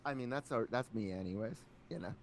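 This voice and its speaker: A man's voice: mid-range voice, a little fast, slight background noise. A man co-hosting a casual podcast, rambling loosely and filling his speech with "like". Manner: rambling, heavy use of "like". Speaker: podcast co-host.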